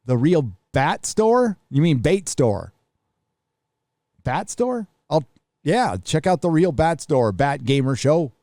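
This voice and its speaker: Low-key man, dark dry voice. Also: sing-song, measured pace, no echo. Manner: offhand, swears freely, reads messages aloud then riffs. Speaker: livestream host reading viewer donations. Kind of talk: casual live chat.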